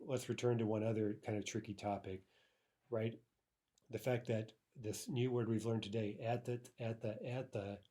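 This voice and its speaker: A man's voice: mid-range voice, darkish tone. A man teaching a language lesson, explaining patiently and often checking in with the listener. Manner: explanatory, repeatedly checks understanding with "right?"; frequent fillers and restarts.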